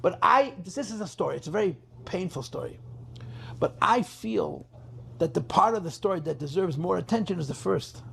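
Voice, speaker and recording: A man's voice: high voice, lively intonation, normal speed, vocal fry, fairly bright tone, a little hiss or hum. A rabbi telling a story at a gathering, emphatic, repeating his phrases and mixing in Yiddish terms. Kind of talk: farbrengen storytelling talk.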